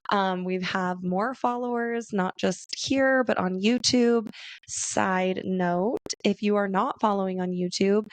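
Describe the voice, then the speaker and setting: A young woman hosting her own podcast from her bedroom on a handheld mic, chatty, bubbly and profane, rushing her words in casual solo talk. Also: mid-range voice, no echo. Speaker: podcast host. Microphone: handheld microphone.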